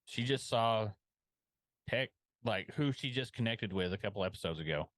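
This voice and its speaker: Low-voiced man, joking on a podcast. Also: animated, fairly bright tone. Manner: jokey asides and quick agreement. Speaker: podcast co-host. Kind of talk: casual chat.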